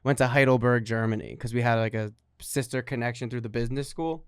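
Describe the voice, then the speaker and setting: A man's voice: medium pitch, fairly even intonation, fast, clear, resonant tone, no room sound, studio quality. A young man co-hosting a podcast, telling wry, self-mocking stories in casual comedic chat. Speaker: podcast co-host.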